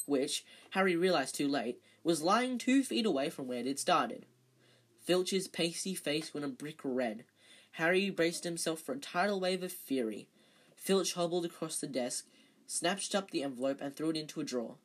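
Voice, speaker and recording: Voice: medium pitch, lively intonation, moderate pace. An amateur reader casually reading a novel aloud, stumbling and correcting themself now and then. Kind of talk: casual read-aloud narration with slips and self-corrections.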